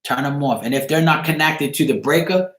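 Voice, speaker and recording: A man's voice: on the high side, brisk, a bit bright. A man hosting a casual live chat, giving a viewer advice in an emphatic, repetitive way, swearing freely and checking in with "right?" again and again. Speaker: host of a live chat show. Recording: echoey room.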